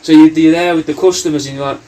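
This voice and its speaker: A man rambles through a loose comic monologue, swearing freely and tacking "mate" onto his lines. His voice sits a bit higher than most men's. He wanders from one tangent to the next. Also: fairly even intonation, fast, dark tone, slight background noise. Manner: meandering, sweary, riffing loosely with lots of "mate". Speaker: comedy cameo host.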